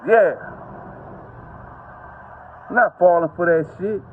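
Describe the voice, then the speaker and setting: A man's voice: high voice, takes it slowly, phone-quality sound. Heated profane man ranting on phone. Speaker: vlogger. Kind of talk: ranting to camera.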